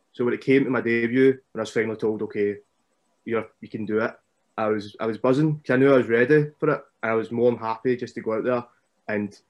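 A young man with a Scottish accent, a wrestler chatting casually as a podcast guest and telling stories in an animated way. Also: mid-range voice. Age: young adult.

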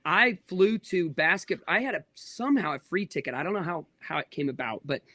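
A pastor in his thirties talks through stories in an animated, chatty way, breaking off and restarting as he acts out what others said. His voice sits fairly high for a man and sounds close and dry. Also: fairly quick, no echo. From United States. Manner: animated storyteller with many restarts and acted quotes. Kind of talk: casual interview talk.

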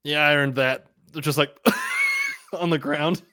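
A man's voice: a little high, fairly even intonation, moderate pace, sharp tone, no echo, clean studio sound. A man playing a tabletop game, joking and fidgety, often laughing. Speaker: player. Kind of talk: casual tabletop play.

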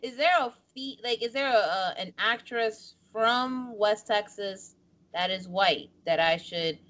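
A woman's voice: mid-range voice, unhurried, noisy background. A woman hosting a podcast interview, playful and teasing, laughing easily. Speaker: podcast host.

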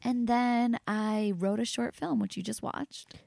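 A woman talking as a podcast guest in casual, animated chat, her pitch swooping up as she gets excited. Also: measured pace, vocal fry, no room sound.

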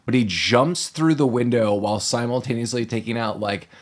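A man's voice: mid-range voice, normal speed. A man co-hosting a casual movie recap podcast, joking, laughing often and acting out lines. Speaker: podcast co-host.

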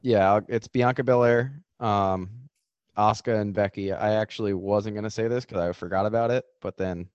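A man's voice: lowish voice, fairly even intonation, moderate pace, a little mellow, clean tone, dry recording, muffled recording. A young man co-hosting a casual podcast, teasing his friends and laughing between wrestling predictions. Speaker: podcast co-host. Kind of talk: casual chat.

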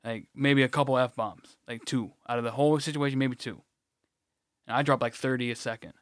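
Smooth-voiced man telling a profane story. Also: mid-range voice, fairly even intonation, brisk, a bit bright, no room sound, studio quality. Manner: profane, blunt, rambling with restarts. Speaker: podcast co-host. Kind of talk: casual storytelling chat.

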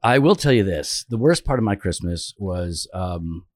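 A man in his forties telling stories in a loose, joking chat. His pitch swings widely as he acts out scenes and teases his co-host. The sound is close and dry. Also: normal speed, no echo. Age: 40s. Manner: animated storyteller, teasing, acts out his own shouting. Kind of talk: casual chat.

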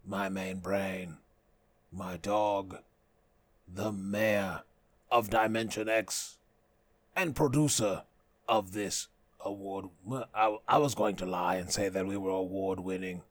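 Slow, low-voiced man hosting a comedy podcast. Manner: joking, profane, mock-villain boasting. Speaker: podcast host.

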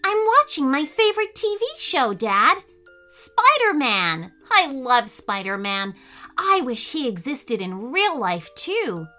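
A woman voicing an excited, wide-eyed eight-year-old boy in a storybook reading, with high, breathless exclamations. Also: takes it slowly, faint music behind, exaggerated voice. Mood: dreamy.

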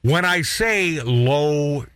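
Animated stammering man hosting a podcast. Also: fairly high pitch, very slow, smooth, dry recording. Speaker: podcast host. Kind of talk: heated casual chat.

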